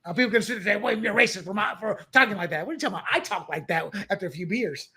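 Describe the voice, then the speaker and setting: A man with a high, bright voice co-hosts a political talk show. He is opinionated and animated, and he keeps bursting into loud, mocking quoted voices. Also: fast, breathy edge. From born abroad, country once under dictators. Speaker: podcast co-host.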